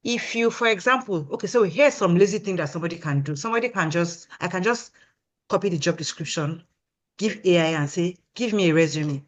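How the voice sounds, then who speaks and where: A woman's voice: lowish voice, animated, a little fast. A woman guest in an interview, a product consultant explaining her approach emphatically and often asking "you understand?". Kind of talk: casual interview answer.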